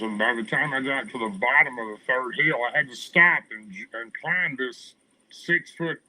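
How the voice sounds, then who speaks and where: Sharp-voiced man recounting a frightening chase. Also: mid-range voice, poor audio. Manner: halting, repeats words at starts of phrases. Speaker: interviewee. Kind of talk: recounting a personal encounter story.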